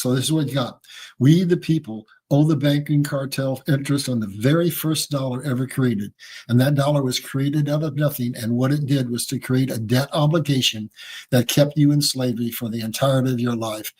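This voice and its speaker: A man with a husky voice speaking as an interview guest, explaining in a folksy, emphatic way and addressing listeners as "folks.". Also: mid-range voice, darkish tone. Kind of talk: casual explanatory interview talk.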